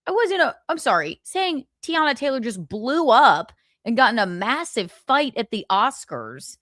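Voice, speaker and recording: A woman's voice: on the high side, big pitch swings, a little slow, few pauses, fairly bright tone, no room sound. A woman hosting a live gossip stream in casual chat, blunt and sarcastic, swearing freely. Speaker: livestream host.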